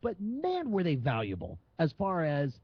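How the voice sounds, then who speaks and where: A male magician talks with lively, swinging emphasis, pressing his points home. His voice sits a bit high, and the sound is dry and dull, like a lo-fi stream. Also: normal speed, husky, no room sound. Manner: animated storytelling, emphatic. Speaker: magician guest. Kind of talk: casual live-stream chat.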